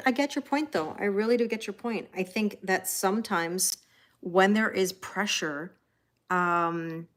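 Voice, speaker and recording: Hosting a casual tarot livestream, a Canadian-accented woman with a lowish voice reads out comments from viewers. She addresses them directly in a chatty, comforting manner, peppering her talk with "you know?".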